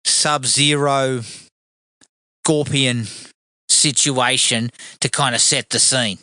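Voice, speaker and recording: A man co-hosting a laid-back film podcast, relaxed and sweary as he agrees and adds his opinions. His voice is bright, and the recording is close and dry. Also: mid-range voice, slow pace, dry recording. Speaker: podcast co-host. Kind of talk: casual film review chat.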